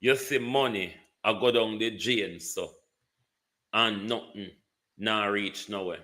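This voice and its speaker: A man's voice: on the low side, slow, sharp tone. A man with a Jamaican accent giving live political commentary, taunting and rhetorical, often asking "hmm?".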